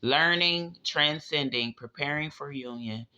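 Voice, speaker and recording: A man's voice: measured pace, pushed and bright. A man doing a casual spiritual tarot reading, emphatic and profane. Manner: emphatic, profane, drifting pitch. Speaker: tarot reader. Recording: dull lo-fi audio.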